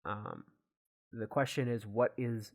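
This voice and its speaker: A man narrating as game master, describing scenes in a halting way with many fillers. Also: on the low side, expressive, vocal fry. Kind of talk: improvised tabletop narration.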